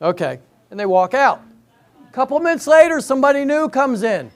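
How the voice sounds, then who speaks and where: A man's voice: very high-pitched, lively intonation, fairly quick. An older man performing a stand-up comedy routine at a senior center, telling stories and bantering with the audience. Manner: chatty storytelling, banters with the audience. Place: senior center hall before a live audience.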